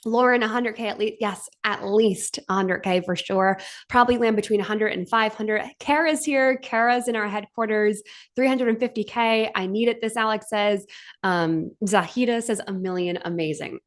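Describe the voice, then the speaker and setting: A woman's voice: mid-range voice, fairly even intonation, normal speed. A woman hosting a live stream for her business community, speaking in a gushing, heartfelt way with frequent "like" fillers. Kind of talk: emotional motivational live stream. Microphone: webcam on a live stream.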